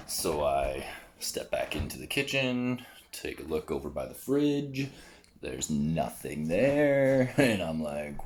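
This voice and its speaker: Low-voiced rambling man, laughing often. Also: very animated, slow pace, a little mellow, a little hiss or hum. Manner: rambling, laughs often between phrases, swears freely; trails off and restarts a lot. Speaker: vlogger. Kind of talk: casual rambling monologue.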